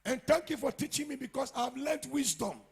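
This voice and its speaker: A man with a Ghanaian English accent preaching a sermon as pastor, swinging from quiet asides to loud shouts. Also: very high voice, expressive, brisk, slightly rough. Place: church.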